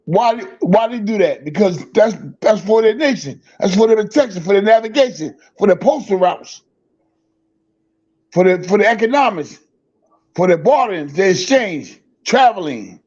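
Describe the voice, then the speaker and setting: A man's voice: sits high, animated, normal speed, darkish tone, husky, dull audio. A man lecturing to an audience in a preachy, direct way, talking straight to his listeners.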